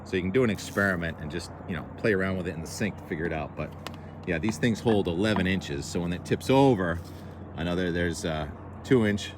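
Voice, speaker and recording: A man's voice: low voice, a little fast, noisy background. Chatty New man talking weather. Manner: chatty, rambling, self-correcting asides. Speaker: weather show host. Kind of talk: casual weather talk over maps.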